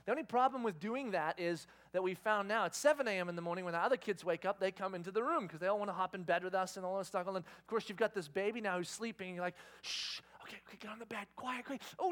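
A man with a high voice preaches a sermon as pastor. He tells a story with lots of animation, putting on the voices of his family. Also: fairly bright tone.

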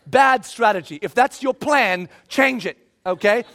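A male pastor preaching a sermon, emphatic and animated, swinging from hushed lines to shouts. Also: very high voice, a little slow.

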